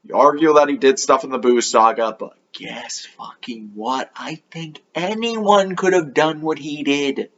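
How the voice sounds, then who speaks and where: A man's voice: on the high side, unhurried, hardly any pauses, fairly bright tone, lo-fi sound. A man hosting a comedic anime review show, sarcastic and swearing freely.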